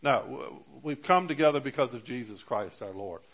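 A man's voice: medium pitch, lively intonation, moderate pace, fairly bright tone, slightly rough. A man preaching a sermon as pastor, with emphatic rises on key words and many fillers and restarts. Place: church.

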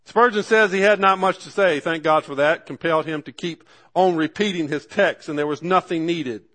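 A man's voice: on the high side, moderate pace, fairly bright tone. A man preaching a sermon in a fervent, repetitive, folksy way, retelling a story and driving home one simple point.

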